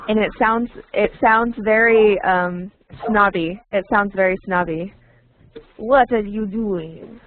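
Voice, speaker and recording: A woman teaching English online, speaking slowly and deliberately and repeating key words so learners can follow. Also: mid-range voice, a little hiss or hum. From United States. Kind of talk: online language lesson. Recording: tinny phone-like online call audio.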